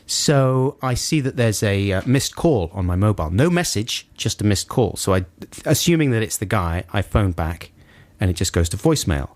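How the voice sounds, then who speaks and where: A man co-hosting a radio show, telling a long anecdote in casual chat, and his voice climbs high when he acts out his anger. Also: very animated, moderate pace, dry recording. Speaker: radio co-host. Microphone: studio microphone.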